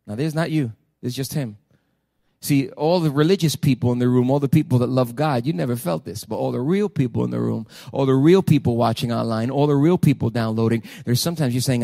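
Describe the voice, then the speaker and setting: A man preaching a sermon as pastor, emphatic, swinging between loud declarations and hushed asides. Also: mid-range voice, animated, brisk, vocal fry, no echo, clean studio sound. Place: church sanctuary.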